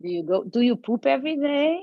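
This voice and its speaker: A woman with a Portuguese accent, a medicine practitioner, speaks as a podcast guest in a high, brisk voice. She is emphatic and animated, repeating herself often. The recording is muffled, with no room sound.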